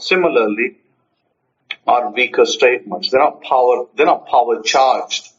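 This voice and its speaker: A man's voice: mid-range voice, unhurried, dull audio. A man teaching, who acts out short dialogues and repeats his points for emphasis. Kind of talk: spoken self-help teaching.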